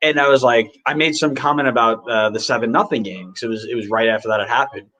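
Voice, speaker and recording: A man hosting a podcast, rambling casually and reacting excitedly while he watches a match live. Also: mid-range voice, quick pace, rough recording. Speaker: podcast host.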